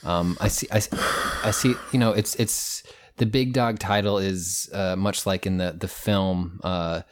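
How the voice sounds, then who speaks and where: Deep-voiced male guest, rambling and hesitant, joking. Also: fairly even intonation. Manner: rambling, halting, many restarts. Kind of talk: casual comedic chat.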